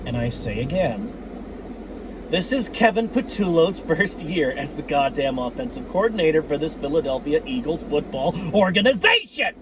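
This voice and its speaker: A man giving profane, worked-up fan commentary on his team, repeating himself and breaking into shouts. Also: on the high side, sing-song, normal speed, background noise. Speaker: sports fan vlogger.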